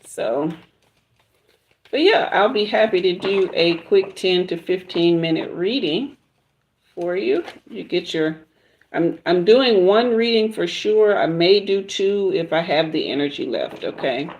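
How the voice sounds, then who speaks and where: A woman with a Southern US accent hosting a casual livestream, chatting with viewers and giving a tarot reading in a relaxed, chatty way. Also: fairly low pitch, highs cut off, a little hiss or hum. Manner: relaxed, chatty, drawn-out pauses. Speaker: tarot reader livestream host.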